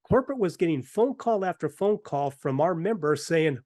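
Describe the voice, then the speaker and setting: A middle-aged man hosts a talk show and tells a workplace story in a relaxed, conversational way. He acts out the other people's lines as he goes. His voice sits a little high for a man, and the recording is close and dry. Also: moderate pace, hardly any pauses, no room sound. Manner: animated anecdotes with acted-out quotes. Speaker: host. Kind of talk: casual storytelling.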